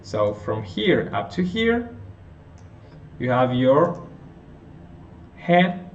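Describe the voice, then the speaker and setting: A man teaching an intonation lesson, working through example sentences slowly, often restarting and correcting himself. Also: medium pitch, big pitch swings, lo-fi sound. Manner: slow, halting, with frequent restarts and self-corrections. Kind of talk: phonetics lesson explanation.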